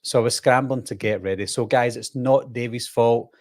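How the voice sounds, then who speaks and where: A man's voice: medium pitch, moderate pace. A man from the in his thirties, hosting a casual live-stream chat, talking in a chatty, rambling way and laughing easily. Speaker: host.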